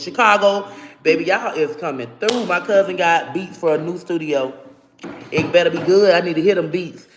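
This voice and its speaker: Guy on a phone livestream, pretty high voice, calling out where folks are from, chill and chatty. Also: fairly bright tone, slight background noise. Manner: rattles off viewer places, friendly and loose; chatty asides, endearments like boo-boo and baby. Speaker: livestream host. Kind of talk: casual livestream shout-outs.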